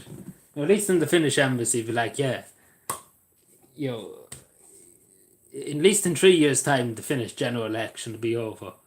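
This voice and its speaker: On a live stream, a man with a medium-pitched voice talks casually, rambling and joking. He tends to let his voice drift off softly as sentences end.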